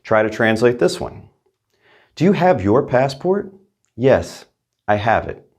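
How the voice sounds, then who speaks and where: A man's voice: medium pitch, big pitch swings, takes it slowly, darkish tone. A man teaching a language lesson, patiently explaining grammar and checking in with his learners. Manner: patient, checks in with "right?" and "okay?". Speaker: Spanish teacher.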